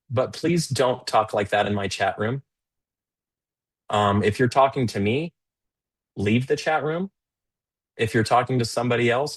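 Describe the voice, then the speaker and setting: Male live-stream trading host, low and slightly husky, loose conversational delivery with frequent restarts. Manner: conversational, with many fillers and restarts; stern and scolding toward a rude chatter. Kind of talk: live-stream market commentary.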